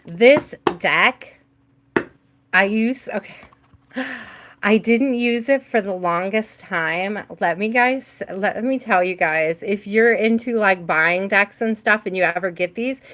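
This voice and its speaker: A woman's voice: medium pitch, fairly bright tone. Woman, chatty tarot host: casual, easygoing live-stream talk with frequent laughter, mid-range voice, calls out to viewers. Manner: chatty, laughs often, talks to viewers by name.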